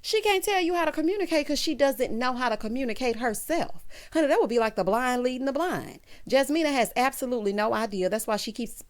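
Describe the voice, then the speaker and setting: A woman, talking through a reality show recap. She is sassy and animated, and she slips into changed voices when she quotes people. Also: a little high, normal speed. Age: 30s. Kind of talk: casual recap commentary.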